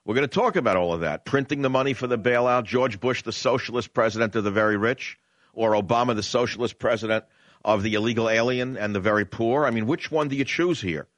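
The voice is medium-pitched, fast, and fairly bright: a New York talk radio host holding forth in an opinionated, brash, conversational monologue and stretching words for emphasis. He's on a studio condenser microphone, with no echo.

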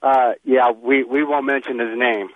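A man's voice: medium pitch, fairly even intonation, unhurried, no echo. Polite male caller on a phone line. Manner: hesitant, polite. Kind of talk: call-in talk.

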